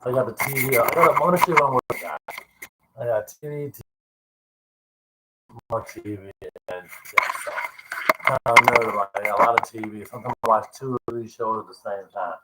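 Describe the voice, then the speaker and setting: A man's voice: mid-range voice, a little fast, pauses often, heavy background noise. A man in his fifties talking casually in a vlog, rambling through work stories, laughing often and swearing as he retells what people said. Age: 50s. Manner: rambling, laughing, chatty, quotes people with coarse language. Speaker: vlogger. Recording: echoey room.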